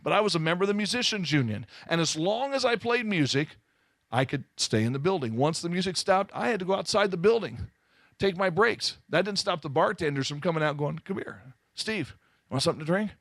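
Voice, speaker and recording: A man from Southern California telling his life story to an audience, animated and full of self-mocking humor. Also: high voice, brisk, gravelly, no room sound, clean studio sound. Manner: animated storytelling, acting out quoted voices. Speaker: speaker giving his testimony. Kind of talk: testimony to a live audience.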